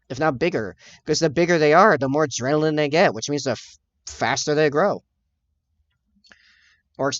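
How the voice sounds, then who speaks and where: A man's voice: mid-range voice, a bit bright, no room sound. A man streaming casually as he paints miniatures and chats with viewers, rambling, correcting himself and laughing often. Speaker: livestreamer. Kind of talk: casual chat while painting miniatures and answering chat. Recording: dull, dry lo-fi stream audio.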